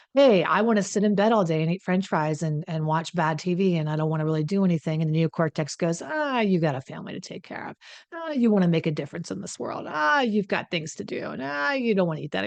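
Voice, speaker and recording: A middle-aged woman hosting a podcast, explaining in a chatty, animated way and acting out little inner voices. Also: on the low side, dry recording. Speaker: host.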